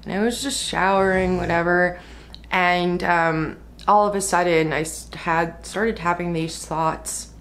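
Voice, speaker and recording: A woman in her thirties musing softly about a personal spiritual experience in a reflective vlog, with many fillers. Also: on the low side, fairly even intonation, measured pace. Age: 30s. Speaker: spiritual vlogger.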